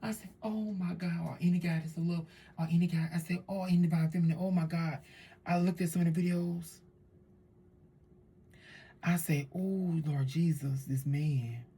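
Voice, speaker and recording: A woman tarot reader in a casual spiritual monologue, fervent and preachy, swinging between loud declarations and hushed asides. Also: lowish voice, steady tone, brisk, pauses often, husky.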